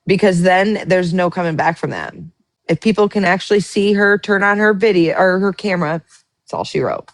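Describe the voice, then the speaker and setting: A woman's voice: fairly low pitch, normal speed, dry recording. A woman hosting a live stream, telling a story casually, full of fillers, restarts and swearing. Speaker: livestream host. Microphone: phone or webcam on a live stream.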